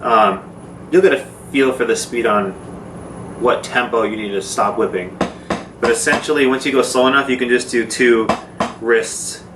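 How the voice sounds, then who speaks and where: A drum teacher gives a relaxed, informal lesson at a moderate pace, explaining strokes in plain words with fillers and demonstrations. His voice is at an ordinary pitch, captured by a distant mic in an echoey, noisy room.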